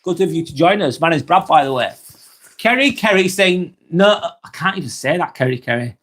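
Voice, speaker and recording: A man's voice: fairly high pitch, expressive, a little fast, a bit bright. A man hosting a live stream, reading viewers' comments aloud and chatting back in a casual, rambling way. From England.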